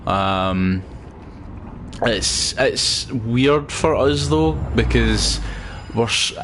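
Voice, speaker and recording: A man's voice: medium pitch, animated, drawn-out words, background noise. A Scottish man chatting loosely while streaming a video game, rambling with lots of fillers. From Scotland. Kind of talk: casual gameplay commentary.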